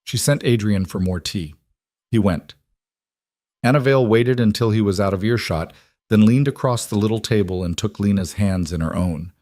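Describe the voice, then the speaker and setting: A man narrating a scripted romance story in a measured, even way. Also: lowish voice, no room sound, studio quality.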